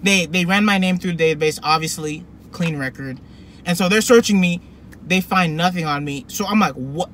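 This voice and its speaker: A young man telling a personal story to camera in a rambling, animated way, full of fillers and restarts. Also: sits high, brisk, slight background noise. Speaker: vlogger. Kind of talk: casual storytelling.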